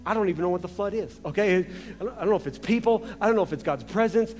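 A man's voice: sits high, animated, quick pace, a little mellow, some chatter behind. A young male pastor preaching a casual, conversational sermon, full of restarts and asides, in a large church. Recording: reverberant church hall with faint music.

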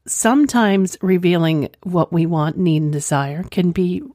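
A woman's voice: lowish voice, measured pace, dark tone, no echo, studio quality. A woman hosting, reading listener stories and commenting on them in an affirming, rambling way. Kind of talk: casual commentary.

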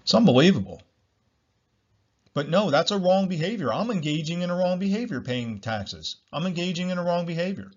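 A man's voice: sits high, expressive, a little fast, muffled recording. A man hosting a solo podcast, talking bluntly, repeating himself and swearing freely. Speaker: podcast host.

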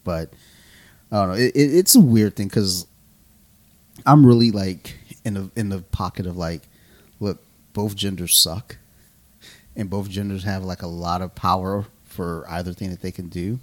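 Profane, laughing man with a low voice. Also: fairly even intonation, normal speed, pauses often, darkish tone. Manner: loose, profane, laughing storyteller. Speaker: podcast co-host. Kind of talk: casual chat over beers.

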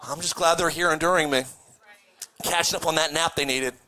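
A male pastor delivering a lively sermon, animated and breaking into shouts. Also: fairly high pitch, brisk. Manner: animated, preachy, bursts into shouting.

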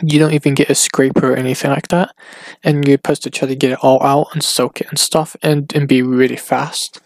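A man rambles through his solo podcast from home in a gravelly voice that sits in an ordinary mid range. He stops and restarts his sentences often and fills the gaps. The sound is close and dry, with no room echo. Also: medium pitch, level tone. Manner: hesitant, halting, full of restarts and fillers. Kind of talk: rambling casual monologue.

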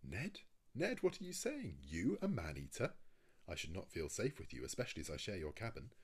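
Storybook manservant, timid and proper, man voicing, raised pitch over a husky tone. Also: animated, racing, exaggerated voice. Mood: alarmed. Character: fussy, timid male manservant, prim and proper.

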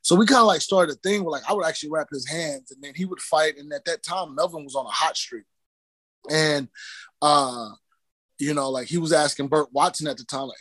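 A man telling stories as a guest in a casual interview, lively and profane, acting out the voices of people he quotes. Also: a little high, a little fast, no room sound. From New Mexico. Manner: animated, swearing, acts out quoted voices.

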